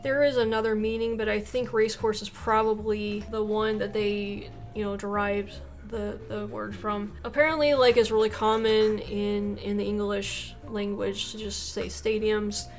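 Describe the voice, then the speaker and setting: A woman's voice: mid-range voice, little pitch movement, normal speed, few pauses, faint music behind. An American woman hosting a reaction video, chatting casually to her viewers in a rambling, self-correcting, playful way. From United States. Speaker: YouTube reaction host. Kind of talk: casual chat to camera.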